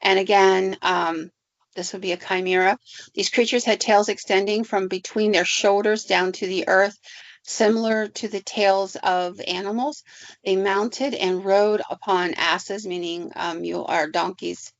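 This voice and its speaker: Casting: woman podcast host, mid-pitched with a gravelly edge, measured and explanatory. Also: steady tone, no room sound, muffled recording. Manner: explanatory, measured, frequent ums. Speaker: paranormal podcast host and storyteller. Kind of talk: casual podcast narration.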